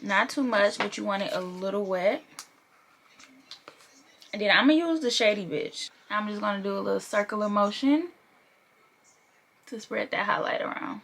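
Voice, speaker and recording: Speaking at a normal speed with frequent pauses, a young woman in a medium-pitched, slightly bright voice walks viewers through her makeup. As a beauty vlogger, she keeps it chatty and fun, dropping the odd swear word and laughing along the way.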